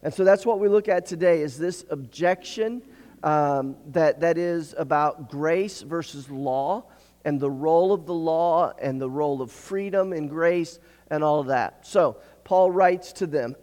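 A man preaching a sermon as pastor, earnest, often repeating words and clearing his throat. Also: on the high side, measured pace, darkish tone. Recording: long hall reverb.

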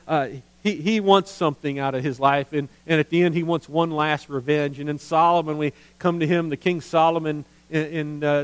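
A man preaching a sermon in an earnest, halting way, often repeating words as he goes. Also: on the high side, clear, resonant tone, dry recording, poor audio. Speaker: pastor of a ministry.

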